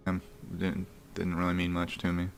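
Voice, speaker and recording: Deep-voiced man telling a hurt story. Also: monotone, moderate pace, gravelly, over music. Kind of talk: personal account in a played video.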